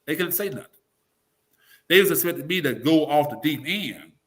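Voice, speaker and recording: Blunt, emphatic man with a higher voice. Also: expressive, moderate pace. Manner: emphatic, blunt and profane, acts out quoted voices. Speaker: political guest, talk radio personality. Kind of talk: opinionated interview talk.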